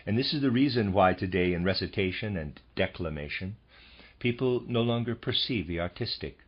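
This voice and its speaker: Deep husky man reading a lecture. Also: lo-fi sound. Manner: measured, formal lecturing delivery. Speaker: audiobook narrator. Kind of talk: scripted audiobook reading of a lecture.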